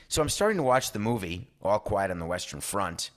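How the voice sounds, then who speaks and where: A man with a lowish voice speaks briskly as he hosts a sports talk podcast. He delivers opinionated monologues in an animated way, acting out the voices of the people he quotes.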